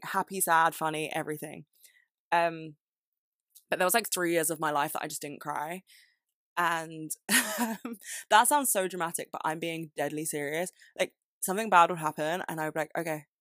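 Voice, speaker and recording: A young woman with a low-pitched voice hosts a casual solo podcast. She talks candidly and rambles, with self-deprecating asides and frequent laughter. The sound is dry and close, with no room echo. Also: fairly bright tone. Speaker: podcast host.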